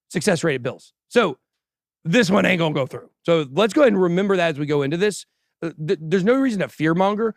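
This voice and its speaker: A man's voice: high-pitched, no room sound, studio quality. A man hosting a crypto livestream, chatting casually and bantering boastfully with his crew and the chat. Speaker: host of a crypto news livestream.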